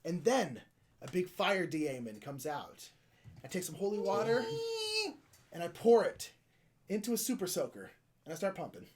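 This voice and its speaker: Animated man spinning a playful tale. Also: fairly high pitch, normal speed, pauses often, background noise. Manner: animated and playful, breaks into loud shouts and whispered asides. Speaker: board game player. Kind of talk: improvised in-character storytelling.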